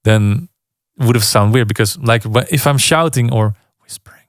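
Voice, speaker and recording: A man's voice: mid-range voice, moderate pace, dry recording, studio quality. A man hosting a radio show, interviewing a guest in a friendly, casual way with frequent agreeing remarks.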